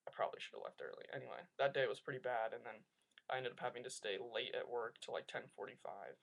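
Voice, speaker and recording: A young man telling a rambling story to his webcam, animated and full of "like", in a casual vlog. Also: mid-range voice, fast talker, vocal fry. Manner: rambling, animated rants with lots of "like". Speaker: vlogger.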